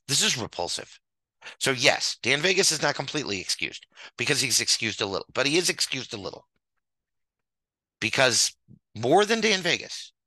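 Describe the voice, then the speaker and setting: Sharp, lively ranting man. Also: medium pitch, dry recording, poor audio. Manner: exasperated, sarcastic, swears often, repeats words for emphasis. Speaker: streamer ranting about a baseball sim game. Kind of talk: comedic angry rant.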